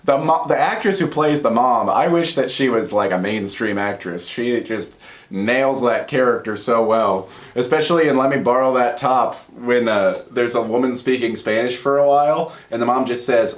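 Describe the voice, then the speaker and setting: A man talking casually to camera about comedy sketches he loves, earnest and rambling, going soft and quiet in emotional moments. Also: medium pitch, moderate pace. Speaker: YouTuber. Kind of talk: casual commentary vlog.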